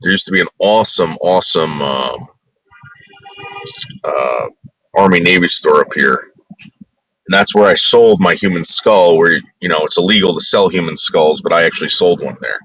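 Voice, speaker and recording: A man from the New York area with a very low voice that still cuts through with a bright, forceful edge. He narrates a casual tour in a blunt, rambling, crude way, like a vlogger talking to his viewers. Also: normal speed, no room sound, low-quality recording.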